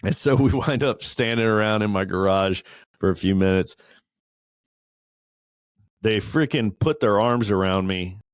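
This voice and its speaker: Low-voiced man telling a personal story. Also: dry recording. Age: middle-aged. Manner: candid, conversational storytelling with fillers. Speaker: ministry leader. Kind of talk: personal testimony.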